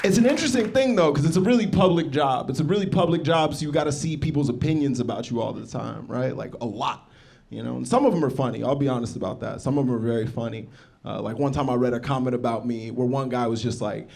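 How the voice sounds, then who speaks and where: A man's voice: mid-range voice, a little fast, creaky. A man from Texas doing stand-up, talking straight to the crowd in a mock-wounded, conversational way. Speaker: stand-up comedian. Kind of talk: stand-up set. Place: comedy club stage. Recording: noisy live club recording. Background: audience laughter.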